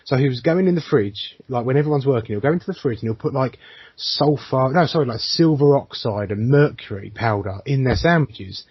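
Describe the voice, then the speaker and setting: A man chatting on his podcast, voice bouncing up and down as he tells a story, cursing freely and laughing along. His tone is a little husky and the sound is close and dry, with a slightly muffled, dull quality to the recording. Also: mid-range voice, fairly quick, dry recording. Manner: swears a lot, laughs often, lively storytelling. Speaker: podcast co-host. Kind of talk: casual podcast chat.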